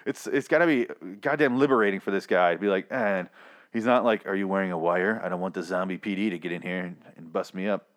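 Young male host, solo show recap, loose rambling delivery, lowish voice, mocks characters in silly voices. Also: fast. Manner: rambling, joking, acts out characters in mocking voices. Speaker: podcast host recapping a TV episode.

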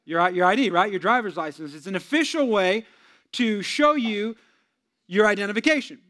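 A young adult man, a pastor, giving a sermon in a lively, conversational way with personal stories and jokes for the congregation. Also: high-pitched, normal speed.

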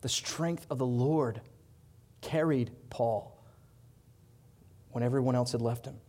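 A man preaching a sermon in an earnest way, rising loud on his appeals and dropping soft on quiet lines. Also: mid-range voice, slow pace. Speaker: pastor.

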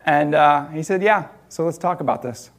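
A man preaching, telling a personal story in an animated way with laughter between loud and hushed moments. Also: on the high side, normal speed.

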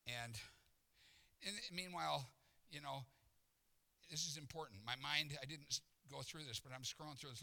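A middle-aged man, preaching a sermon as a pastor and telling a story with animated exasperation. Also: on the high side, normal speed, creaky, pauses often.

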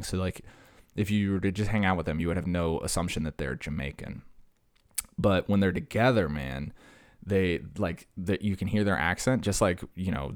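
Man, young adult, podcast host, low voice, laid-back, rambling, self-mocking. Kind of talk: rambling casual podcast chat.

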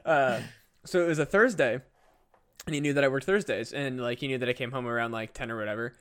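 A man's voice: medium pitch, quick pace, a bit bright, clear, resonant tone. A young man, a podcast co-host, telling a casual story with lots of fillers and swearing. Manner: rambling, profane, many fillers.

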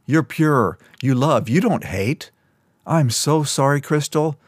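A man voicing a tender, protective young male leader who comforts someone gently but firmly. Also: on the high side, lively intonation, slow, slightly rough, dry recording, studio quality, voice pushed up, full character voice. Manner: gentle, firm reassurance.

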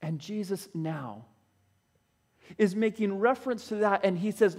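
A man's voice: sits high, a little slow, long pauses, darkish tone. A man preaching a sermon who acts out the voices of Bible figures, recorded in a church hall. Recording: long echo of a large hall.

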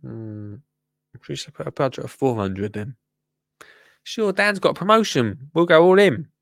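A chatty English man hosts his show with a jokey, rambling, casual delivery. His voice sits at an ordinary middle pitch and is recorded dry and close. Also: animated, measured pace, creaky, fairly bright tone, dry recording. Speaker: show host. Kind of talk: casual live show chat.

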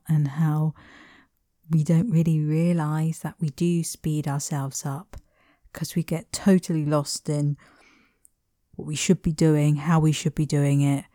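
Slow, low-voiced woman musing. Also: dry recording, clean studio sound. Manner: meandering and gentle, with soft laughs and whispered asides. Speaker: podcast host. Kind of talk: reflective solo podcast talk.

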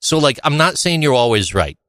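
A man's voice: a little high, very animated, fairly quick, a bit bright, no room sound, studio quality. A man hosting a podcast, talking enthusiastically in a rambling, teasing way while praising his guest. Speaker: podcast host. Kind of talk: casual podcast chat.

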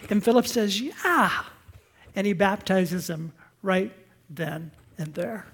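Slow-speaking woman preaching a sermon. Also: medium pitch, expressive, husky. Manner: earnest, emphatic preaching that drops to soft, quiet storytelling. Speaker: pastor.

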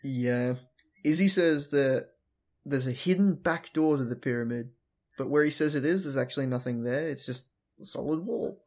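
A woman's voice: extremely low pitch, normal speed, a little mellow. Blunt young woman recapping an episode. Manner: blunt, swears, mocking, does funny voices. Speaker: podcast host.

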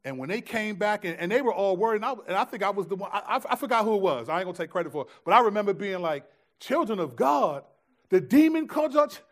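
Male pastor, fairly high voice, casual slangy sermon delivery, stops and restarts a lot. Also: very fast, hardly any pauses. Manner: animated storytelling with many restarts and slang.

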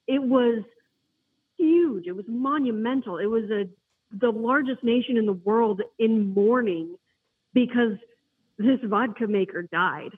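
Guy calling in, high voice, tinny phone sound, rambles excitedly. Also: measured pace, husky. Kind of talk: casual podcast chat.

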